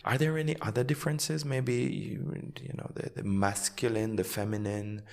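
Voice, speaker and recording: A man with a very deep voice hosts a relaxed podcast chat as an English coach. He talks in a teacherly way, acting out short example sentences to make his points, and reassures his guest. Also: moderate pace, creaky. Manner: explains with spoken example sentences. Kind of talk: casual interview.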